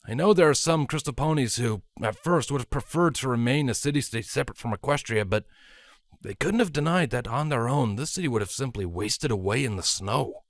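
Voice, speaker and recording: A man voicing a serious young prince who explains things in a measured, sighing way. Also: medium pitch, expressive, dry recording, studio quality, natural voice. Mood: earnest. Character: earnest young male prince, weary and serious.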